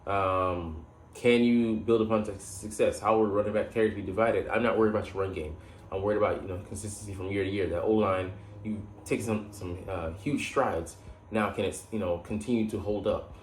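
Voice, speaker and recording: A man's voice: fairly low pitch, steady tone, brisk. A man hosting a casual football analysis show, talking in a loose, rambling way with lots of fillers and restarts. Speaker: podcast host. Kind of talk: casual sports analysis monologue. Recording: echoey room with faint background noise.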